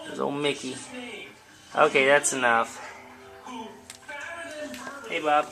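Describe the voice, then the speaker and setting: A man's voice: medium pitch, fairly even intonation, slow pace, creaky, pauses often, music in the background. Man cooing at his cats. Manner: chatty, coos at the cats in a raised voice. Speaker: cat owner filming his pets. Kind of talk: casual home video narration. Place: indoors at home.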